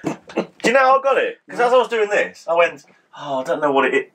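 Animated man, lively voice. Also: on the high side, fast. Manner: animated, laughing, mock-outraged. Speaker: co-host. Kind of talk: casual chat, guessing game.

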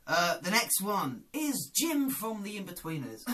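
A man's voice: high-pitched, sing-song, unhurried, bright, forceful tone. A man hosting a casual comedy vlog, chatty and self-deprecating. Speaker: YouTuber.

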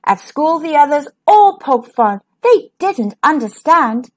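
Expressive woman reading to children. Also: high voice, slow. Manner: expressive and sing-song. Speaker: children's storyteller. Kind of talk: reading a picture book aloud.

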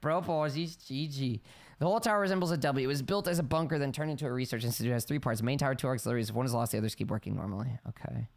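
A man doing excitable let's play commentary, shrieking high in panic, then rambling, joking and reading game text aloud. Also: rapid-fire, creaky. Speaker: gameplay streamer. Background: game music.

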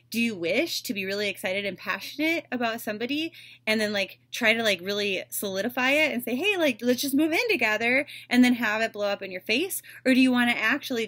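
A woman's voice: a little high, a bit bright. A woman giving a casual tarot reading, chatty and loose, with lots of "like" and "um" fillers. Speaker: tarot reader.

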